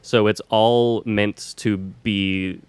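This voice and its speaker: A man's voice: on the low side, fairly even intonation, drawn-out words, smooth, no echo. A young man co-hosting a podcast, chatting casually and rambling with lots of fillers. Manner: laid-back, rambling with many fillers. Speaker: podcast co-host. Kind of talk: casual chat.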